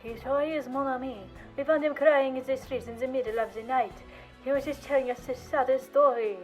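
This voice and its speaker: A woman's voice: high voice, fairly even intonation, a little fast, faint music behind, natural voice, poor audio. Woman doing a flirty teasing Frenchman.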